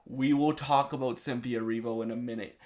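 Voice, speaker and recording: A man reviewing a movie in a casual video, eager and halting, with many restarts and fillers. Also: medium pitch, steady tone, a little mellow.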